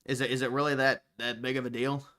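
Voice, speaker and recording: Bright-voiced man rambling on a livestream. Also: mid-range voice, little pitch movement, quick pace. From United States. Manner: rambling, thinking aloud with frequent restarts. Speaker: livestream host. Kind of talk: casual livestream commentary reading chat.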